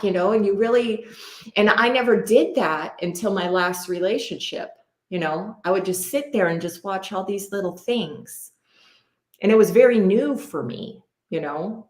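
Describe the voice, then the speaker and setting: Lowish-voiced woman co-hosting a podcast, swears a lot, rambly, echoey room. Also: unhurried. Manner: blunt, profane, rambling with many fillers. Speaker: podcast co-host. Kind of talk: candid casual conversation. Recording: roomy echo.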